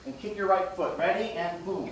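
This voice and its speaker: This comedian's voice is high and his speed normal as he plays to a live crowd, issuing commands like an instructor and hamming up sing-song inflections. The room echoes, the mic sits far off, and the audience is loud, with slight background noise.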